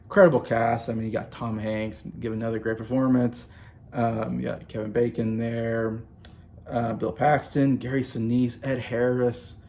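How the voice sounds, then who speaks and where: Male vlogger, forties, gushing movie fan, casual monologue with a touch of vocal fry. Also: medium pitch, flat delivery, normal speed, mellow, slight background noise. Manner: gushing, enthusiastic.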